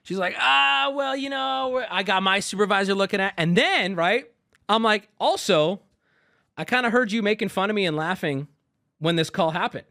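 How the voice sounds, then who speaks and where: A man's voice: sits high, moderate pace, no echo, clean studio sound. A man in his thirties, a streamer, angrily retelling a customer service call to his audience, swearing and quoting both sides. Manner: angry, profane, animated retelling with quoted dialogue. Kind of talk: ranting story to a stream audience.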